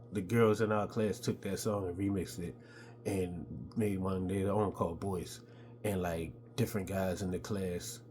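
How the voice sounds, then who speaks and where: A middle-aged man telling stories from his childhood in a laid-back, casual way, with a high voice when he quotes other people. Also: a little mellow, slight background noise. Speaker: podcast host telling stories. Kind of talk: casual storytelling.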